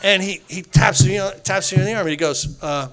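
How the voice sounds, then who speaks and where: A man telling his personal recovery story to a group, animated, acting out what people said and laughing often. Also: sits high, a little fast, soft background music. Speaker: speaker at a recovery meeting.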